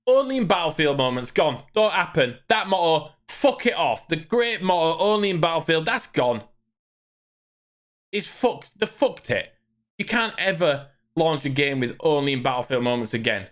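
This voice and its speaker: An expressive man with a voice on the high side rants to his livestream chat at a moderate pace. His tone is fairly bright, and the gaming rant is angry, irritated, and full of swearing.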